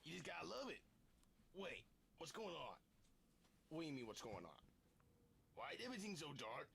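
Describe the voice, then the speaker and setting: A man voicing a bossy, excitable plush toy in a home-made toy video, exclaiming and giving orders. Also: a little high, moderate pace, gravelly, a little hiss or hum, full character voice.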